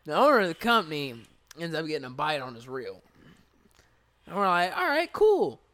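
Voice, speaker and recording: Male podcast co-host, animated, bright voice, blunt joking banter. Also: a little high, fairly quick, dry recording. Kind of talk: casual chat.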